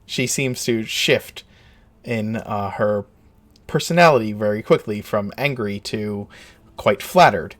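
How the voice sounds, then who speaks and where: A man's voice: fairly low pitch, slow, fairly bright tone. A man running a tabletop game as dungeon master, narrating hesitantly with many ums and uhs.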